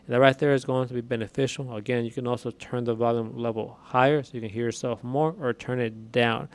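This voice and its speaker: A man's voice: mid-range voice, steady tone, fairly quick. A man talking through a microphone setup in a plain, conversational way, repeating points as he goes. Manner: plain, conversational, repeats himself while explaining. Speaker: tech reviewer. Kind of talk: casual explanatory demo. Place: home room with a window. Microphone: USB dynamic microphone with headset.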